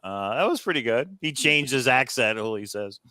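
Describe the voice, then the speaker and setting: Male co-host from Detroit, bright and jokey, dry close sound. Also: medium pitch, big pitch swings, normal speed, dry recording. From Detroit, Michigan. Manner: jokey, laughs often, reads out viewer comments. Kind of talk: casual livestream call-in chat.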